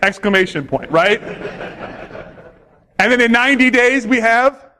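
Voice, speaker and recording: A man's voice: extremely high pitch, expressive, a little slow, bright, forceful tone. A man giving a conference talk on security, joking and quizzing the audience. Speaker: conference speaker.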